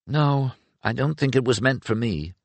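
A man voicing a calm, pensive male prisoner who speaks softly and thoughtfully. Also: medium pitch, moderate pace, creaky, dry recording, pitched above the performer's own voice. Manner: pensive, soft.

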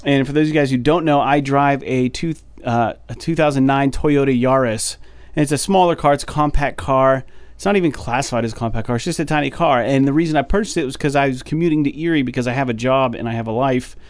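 A man co-hosting a podcast, telling a story in a casual, animated way and sounding fed up. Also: medium pitch, quick pace, no echo. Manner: animated, exasperated storytelling with many fillers. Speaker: podcast co-host.

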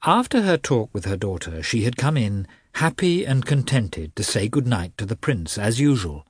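Expressive male reader for a classic novel, husky, dry close sound. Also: medium pitch, no room sound. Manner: expressive, measured reading. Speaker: audiobook narrator. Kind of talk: classic novel audiobook narration.

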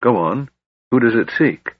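A man voicing a weary, grudging male half-elf leader who speaks in a quiet, reluctant way. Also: mid-range voice, lively intonation, a little slow, husky, no echo, highs cut off, pitched above the performer's own voice.

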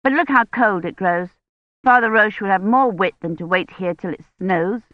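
A woman's voice: mid-range voice, moderate pace, no echo, natural voice. Sullen bossy medieval sister, read by a woman; scolding tone, dry close recording. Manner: scolding, sharp old-fashioned speech. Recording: dull dry audiobook recording.

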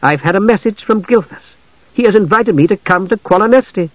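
Man doing a gentle teasing elf wife, soft affectionate voice, dull dry recording. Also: high-pitched, animated, brisk, no room sound, voice pushed up. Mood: eager. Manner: softly spoken, affectionate.

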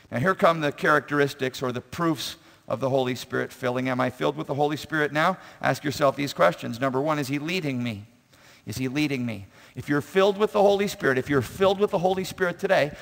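Male pastor preaching, gravelly voice, big echoey church hall. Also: medium pitch, fairly bright tone. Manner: emphatic preaching with repetition and anecdotes. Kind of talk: sermon. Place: church sanctuary. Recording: long reverb of a large hall.

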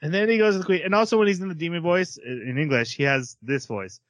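A man hosting a podcast, chatting casually as he recaps an anime episode, laughing often and quickly acting out the characters' lines. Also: a little high, no room sound. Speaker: podcast host.

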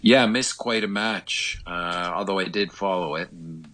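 A man from Ireland talks in a low register with a bright, forceful edge. His voice is a little hoarse. He rambles through a casual radio chat with fillers and false starts. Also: unhurried, a little hiss or hum. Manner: rambling, chatty, many fillers and restarts. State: slightly hoarse. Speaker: correspondent. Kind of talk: casual radio phone interview.

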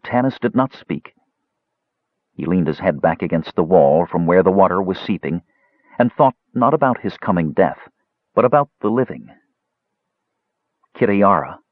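A man narrating a fantasy story in a measured storytelling manner. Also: low-pitched, dry recording. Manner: measured storytelling, lively intonation. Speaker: audiobook narrator. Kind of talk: scripted narration. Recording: dull dry close-mic audiobook recording.

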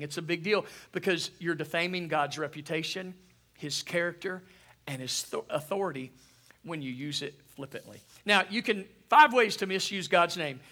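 A middle-aged man preaching a sermon as pastor, animated and calling out to the congregation for responses. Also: sits high.

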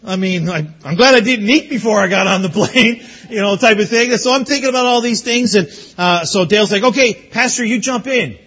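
A man's voice: high-pitched, brisk, hardly any pauses, fairly bright tone, highs cut off. A man preaching as pastor to graduates, telling a story with chuckles and then urging them earnestly. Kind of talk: sermon to graduates.

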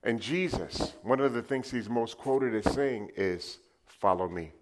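A man preaching a sermon, telling lively stories and acting them out with sound effects. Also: medium pitch, unhurried, noisy background. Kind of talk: sermon with storytelling.

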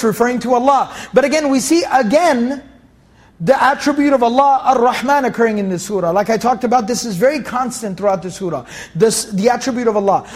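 A man with a strikingly high voice teaches a Quran tafseer lesson in a relaxed, conversational way. He leans on everyday analogies and casual fillers, and repeats phrases for emphasis. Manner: recites verses in a quick chanted cadence.

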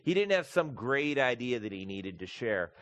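A man's voice: mid-range voice, very animated, normal speed, fairly bright tone. A man preaching a sermon as pastor, emphatic and building through lists of repeated words, addressing the congregation as folks.

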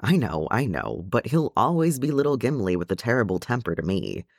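A man's voice: mid-range voice, big pitch swings, brisk, gravelly, no echo, clean studio sound. A man reading aloud, voicing an anxious, grieving young male dwarf who pleads in a slightly raised voice. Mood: eager. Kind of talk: audiobook fan reading.

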